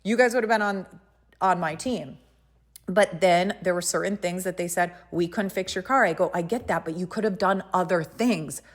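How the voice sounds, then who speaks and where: A woman's voice: lowish voice, normal speed. A woman hosting a podcast, telling a story in a casual, emphatic, indignant way and talking straight to her listeners. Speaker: podcast host.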